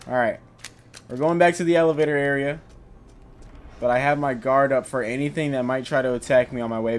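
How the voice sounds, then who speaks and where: A young man narrating his own gameplay, joking around and shouting when he gets startled. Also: medium pitch. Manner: jokey, excitable, yells when startled. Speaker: gaming YouTuber. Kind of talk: let's play commentary.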